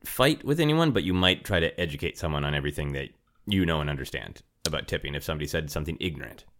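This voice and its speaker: A man's voice: a bass voice, lively intonation, fast, a bit bright. A man hosting a podcast, asking curious questions and laughing often. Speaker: podcast host. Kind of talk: interviewing.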